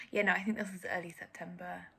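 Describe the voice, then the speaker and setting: A woman's voice: mid-range voice, vocal fry, husky. A young woman giving candid, self-critical reaction commentary as a vlogger, often dropping to a near whisper.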